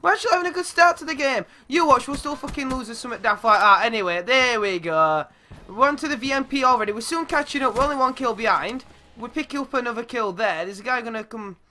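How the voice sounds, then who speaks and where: Excitable young gamer. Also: male voice, fast. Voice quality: goes squeaky when yelling. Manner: excitable, shouts and swears at the game. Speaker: gaming YouTuber. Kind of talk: live gameplay commentary.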